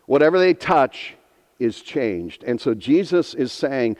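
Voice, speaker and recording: A man's voice: mid-range voice, animated, measured pace, a little mellow, big-room sound. A man in his fifties preaching a sermon, earnest and emphatic, repeating key phrases for weight. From northeastern Pennsylvania. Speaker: pastor.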